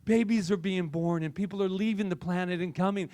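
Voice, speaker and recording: A male minister delivers an impassioned, conversational sermon, his voice gravelly and a little high. He swings between hushed reflection and fired-up exhortation. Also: quick pace, few pauses.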